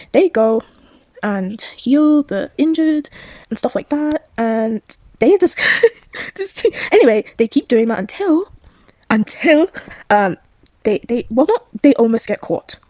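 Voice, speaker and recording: Young woman, chatty rambling recap vlogger, high bouncy voice, dry close sound. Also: expressive, takes it slowly, mellow, no room sound. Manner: chatty, rambling, giggly, acts out characters' lines. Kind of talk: casual story recap.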